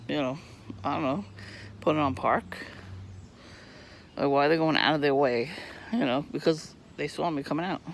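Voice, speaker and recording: A man ranting casually outdoors on a residential street, profane and irritated, coughing and clearing his throat from asthma while he laughs often. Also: on the high side, slight background noise. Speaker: vlogger. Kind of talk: rambling casual monologue.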